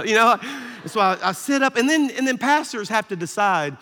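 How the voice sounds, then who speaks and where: A Southern American pastor preaching in a long, echoing hall, his voice pitched high for a man and bright in tone. He tells a story with animated, self-deprecating humor and laughs often. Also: fairly quick, a little hiss or hum. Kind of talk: sermon with a storytelling anecdote. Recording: echoey hall reverb.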